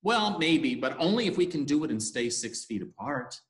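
A man's voice: on the high side, sing-song, normal speed. A man doing a careful, fussy panda. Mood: cautious. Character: cautious panda. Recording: echoey room.

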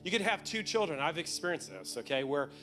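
A man's voice: fairly high pitch, big pitch swings, fairly quick, fairly bright tone, faint music behind. A man preaching a sermon as pastor, in a conversational, joking manner that often acts out what people say.

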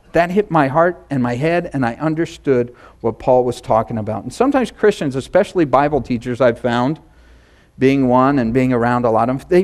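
High-voiced man preaching, playful and jokey. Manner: jokey storytelling, acts out sounds and voices. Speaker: pastor. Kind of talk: sermon. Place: church hall.

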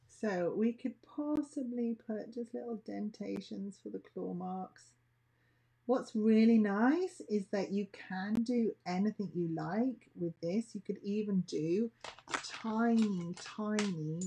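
A woman's voice: mid-range voice, takes it slowly, creaky, dark tone, slight background noise. A woman teaching a nail art class, chatting casually and thinking aloud as she works. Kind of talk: casual tutorial demonstration.

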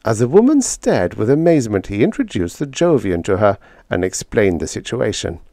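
A man narrating a vintage short story audiobook in an expressive reading. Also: fairly low pitch, moderate pace, no room sound, studio quality. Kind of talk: scripted narration.

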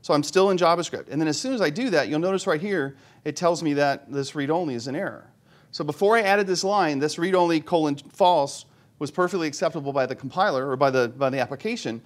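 A middle-aged man with a slightly high voice presents a software demo to a live conference audience. He talks in a chatty, joking way and keeps asking the room questions. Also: fast. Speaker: conference speaker. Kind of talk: live technical presentation with jokes.

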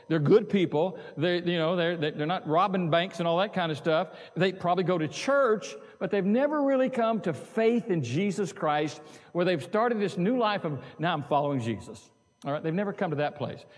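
A male pastor preaching a sermon in a folksy, conversational way, repeating phrases and putting questions to the congregation. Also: a little high. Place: church sanctuary. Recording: preached in a church hall with long reverb.

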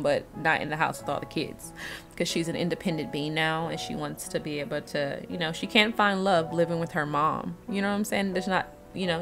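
Chatty low-voiced woman talking to her game. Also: creaky. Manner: chatty, talks to her game characters, thinks aloud. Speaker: let's-play host. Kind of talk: casual gameplay commentary.

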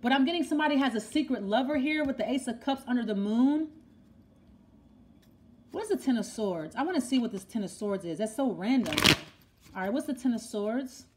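A woman's voice: fairly high pitch, animated, brisk, warm tone, a little hiss or hum. A woman giving a tarot reading in a rambling monologue, thinking aloud, repeating herself and asking the cards questions. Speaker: tarot reader.

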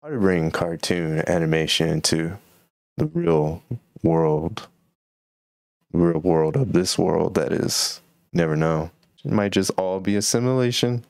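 A man's voice: low-pitched, animated, a little slow, gravelly, a little mellow, no echo, clean studio sound. A man hosting a solo podcast, musing and rambling casually about current events. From Texas. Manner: rambling, musing, laid-back. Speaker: podcast host.

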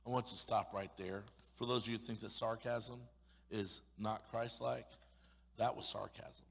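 A male pastor preaching an emphatic, sarcastic sermon, swinging between loud pushes and sudden hushed asides. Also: fairly low pitch, fairly even intonation, normal speed, gravelly, long reverb tail. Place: church sanctuary.

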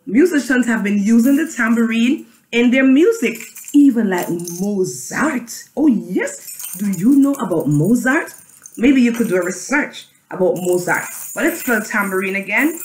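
A woman's voice: mid-range voice, lively intonation, normal speed, roomy sound, soft background music. A woman teaching a children's phonics reading lesson, chanting and spelling letters aloud with her class. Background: tambourine jangling.

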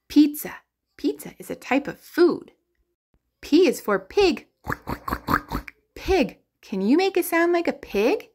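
A woman teaching the alphabet to toddlers in a slow, sing-song, exaggerated way. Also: on the high side, lively intonation. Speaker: children's teacher.

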